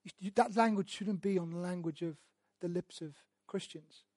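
A pastor preaches a sermon, teaching through Bible verses in an earnest manner. He often repeats words as he restarts and builds up to loud, emphatic passages. His voice sits high, his pace is moderate, and there's no echo.

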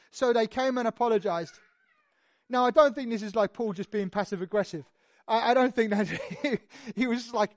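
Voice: mid-range voice, no echo. Conversational preacher in a dry room. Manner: conversational, rhetorical questions, animated storytelling. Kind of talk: expository sermon.

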